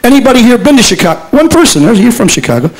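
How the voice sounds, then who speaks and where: A man's voice: very high voice, very animated, very fast, low-quality recording. A middle-aged man, a lead singer, chatting playfully with the audience between songs on a concert stage. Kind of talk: stage patter at a live concert. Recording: live concert recording with loud band. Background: loud band music.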